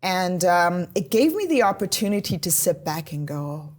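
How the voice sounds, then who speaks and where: A woman's voice: fairly low pitch, very animated, moderate pace. A woman in her forties from South Africa, a police constable telling her story as a podcast guest in a candid, reflective way. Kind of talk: casual podcast interview.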